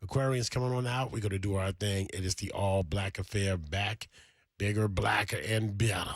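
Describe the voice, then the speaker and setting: A man hosting a morning radio show from a studio, with energetic, hype announcer delivery. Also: lowish voice, moderate pace, dry recording. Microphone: studio microphone.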